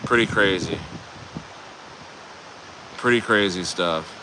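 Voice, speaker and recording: A man's voice: low voice, slow. A young man hosting a casual livestream, rambling with lots of fillers while outdoors at a beach. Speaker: livestream host. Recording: loud outdoor wind noise.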